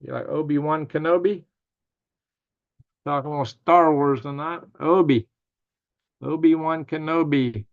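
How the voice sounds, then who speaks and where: A man's voice: on the high side, fairly even intonation, a little slow, gravelly, pauses often, narrow, tinny audio. A man hosting a casual livestream, reading viewer comments aloud and answering them in a rambling, thinking-aloud way. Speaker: livestream news host.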